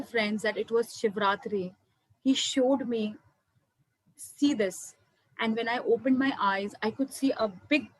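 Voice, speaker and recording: A woman tells her listeners about a personal spiritual experience. Her voice sits a little high for a woman, and it sounds emotional and earnest as she keeps calling her listeners friends. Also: rough recording. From India. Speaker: meditation speaker. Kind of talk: personal testimony to an online audience.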